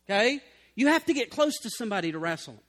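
A man preaching a sermon as pastor, swinging from loud emphatic bursts to low, quiet passages. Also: big pitch swings, fast talker.

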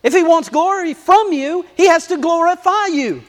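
A man preaching a sermon in a lively, conversational way, acting out asides as he reads scripture. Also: very high-pitched, normal speed, big-room sound. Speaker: pastor.

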